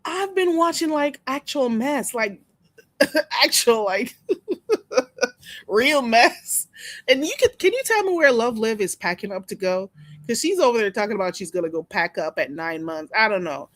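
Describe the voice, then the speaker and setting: A woman's voice: on the high side, animated, brisk, no echo, clean studio sound. A woman hosting a casual live stream, chatting with her viewers, gossiping and laughing often.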